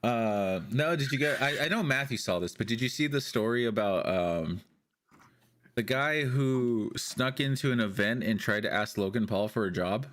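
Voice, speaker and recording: A man's voice: mid-range voice, moderate pace. A man co-hosting a casual podcast chat, retelling a story and acting out the people in it. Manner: animated storyteller, acts out quoted lines. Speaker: podcast co-host.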